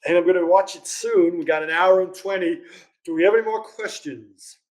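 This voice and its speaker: A man's voice: high-pitched, moderate pace, a little mellow. A man hosting a live question-and-answer stream, reading viewer questions aloud in a casual, chatty way and laughing often. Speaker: host of a live legal Q&A stream.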